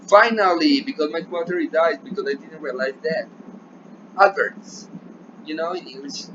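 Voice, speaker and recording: A male English teacher with a Colombian Spanish accent walks his students through a recorded remote lesson, often pausing to ask "yeah?". His voice sits a little higher than most men's. The recording is dull and lo-fi, with clear noise behind him. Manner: switches between English and Spanish, checks in with "yeah?".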